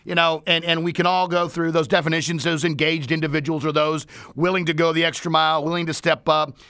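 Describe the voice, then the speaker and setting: A man hosting a radio talk show, talking about work with fired-up energy, playful asides and bursts of shouting into the studio microphone. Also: on the high side, flat delivery, fairly quick, no echo.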